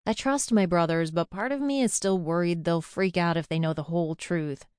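Low smooth woman narrating an audiobook. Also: normal speed, darkish tone, dry recording, studio quality. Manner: chatty, confiding. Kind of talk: first-person audiobook narration.

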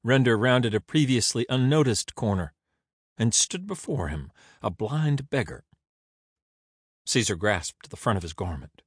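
A man narrating an audiobook in an expressive, dramatic reading. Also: medium pitch, a little slow, breathy edge, dry recording, studio quality.

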